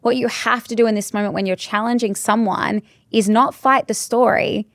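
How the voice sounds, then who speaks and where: A woman's voice: a little high, fairly even intonation, moderate pace, creaky, dry recording, studio quality. A woman hosting a conversational interview about sales, earnest and emphatic, repeating her key phrases. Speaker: podcast host and sales coach.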